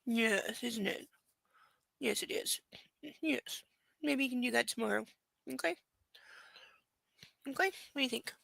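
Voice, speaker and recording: Woman streamer reading a novel aloud, sarcastic asides, slightly high, bright dry sound. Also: a little slow, gravelly, pauses often, no room sound, low-quality recording. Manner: sarcastic, blunt commentary; cooing baby talk to her dog. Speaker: book reader and streamer. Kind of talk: live-streamed book reading with commentary.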